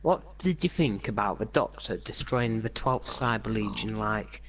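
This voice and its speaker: A man's voice: lowish voice, expressive, measured pace, a bit bright. A young man hosting a casual podcast, rambling with many fillers and restarts. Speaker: podcast host. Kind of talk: casual chat while gaming.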